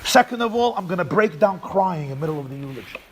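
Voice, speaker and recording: A dry, sly rabbi lays out his price list like a salesman, as a man puts him on. The voice is high and animated. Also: fast talker, a little hiss or hum. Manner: dry, matter-of-fact salesman's patter. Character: sly male rabbi selling eulogy packages.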